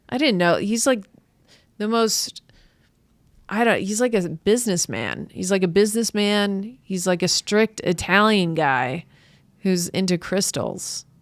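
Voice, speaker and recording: A woman in her thirties, a comedian hosting her own podcast, rambling through a casual monologue with halting restarts. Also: lowish voice, no room sound. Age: 30s. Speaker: podcast host and stand-up comedian.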